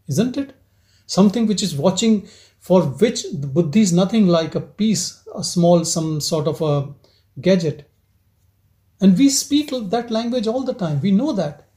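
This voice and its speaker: Giving a reflective spiritual talk as a satsang teacher, a man probes his listeners with repeated rhetorical questions in a gentle teaching tone. His voice sits high.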